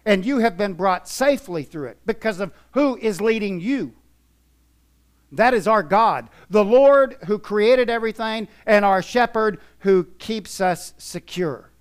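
Slow, smooth-voiced man preaching a sermon. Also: high-pitched, lively intonation. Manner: emphatic, swinging from soft to loud. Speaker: pastor. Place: church.

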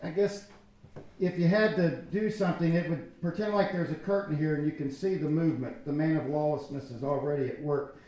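A man's voice: fairly high pitch, steady tone, brisk, dark tone. A man preaching a sermon as pastor, talking conversationally and acting out quotes from people. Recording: echoey church hall.

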